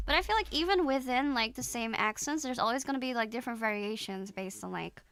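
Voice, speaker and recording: A young Dutch woman chats on a stream in a bright, high voice with a gravelly rasp. She rambles and giggles, and her English is loose and full of filler words. The sound is dry and close. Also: animated, fairly quick, few pauses, dry recording. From Netherlands. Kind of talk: casual live-stream chat.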